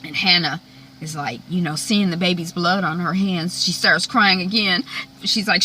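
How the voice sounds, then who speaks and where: A woman recapping a TV episode in a chatty, animated way, full of fillers. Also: fairly low pitch, moderate pace, background noise. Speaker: show recapper. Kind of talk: casual TV recap.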